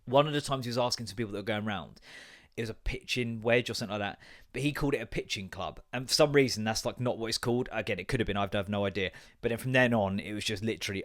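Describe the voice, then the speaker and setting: A man's voice: lowish voice, rapid-fire, fairly bright tone. A man in his thirties hosting a podcast, telling rambling, sweary comedic stories in casual chat. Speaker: podcast host.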